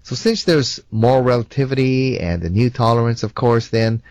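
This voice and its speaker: A man's voice: mid-range voice, normal speed, a little mellow, no room sound, dull audio. A man giving a Christian apologetics seminar lecture in a conversational way, telling personal stories with frequent asides. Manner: conversational, tells personal anecdotes, frequent "you know".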